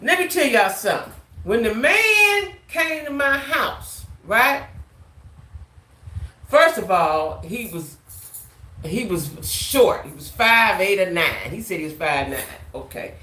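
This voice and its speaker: A woman vlogger telling a casual storytime tale, animated, ending her lines with "right?". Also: medium pitch, slow, roomy sound.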